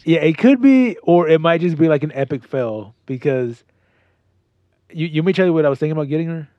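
A man's voice: fairly high pitch, lively intonation, brisk, dry recording. Rambling joking man, dull dry audio. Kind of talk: casual chat.

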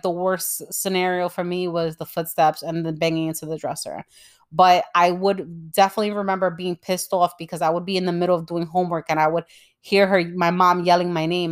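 A woman's voice: fairly low pitch, no room sound, clean studio sound. A young woman hosting a podcast, chatting casually through a personal story with lots of fillers and casual swearing. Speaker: podcast host.

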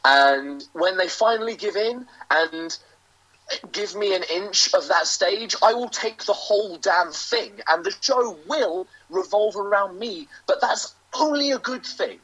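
A British man, a professional wrestler, delivering a grandiose, self-aggrandizing in-character promo with theatrical pauses. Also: sits high, expressive, a bit bright, slightly rough. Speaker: professional wrestler, interview guest. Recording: lo-fi dull audio.

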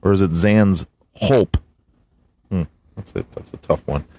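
A man's voice: low voice, fast talker, mellow, breathy edge. A man hosting a casual solo podcast, swearing a lot, laughing, and fumbling through hard names. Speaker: podcast host.

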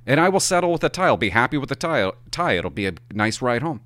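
A middle-aged man, a hockey parent, telling a rambling, animated story in a casual monologue and swearing for emphasis. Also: medium pitch, fast, no echo.

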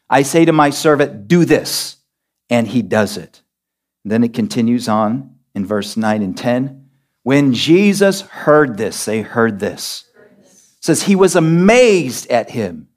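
A man preaching as pastor, reading scripture aloud and drawing call-and-response from his congregation. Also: mid-range voice. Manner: reads scripture aloud, then unpacks it. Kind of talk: sermon.

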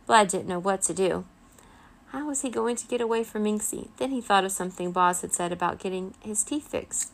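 A woman reading a children's chapter book aloud as a bedtime story, in a gentle, expressive way. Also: mid-range voice, a little fast.

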